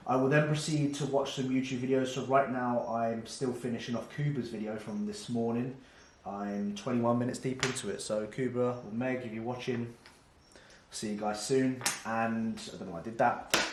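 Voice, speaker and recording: British male vlogger, cocky and sweary, room-echoey camera sound, faint background noise. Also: lowish voice. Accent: British English. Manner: brash, swearing, joking and boastful. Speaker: fitness vlogger. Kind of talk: casual cooking vlog chat. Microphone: camera microphone. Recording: roomy room echo.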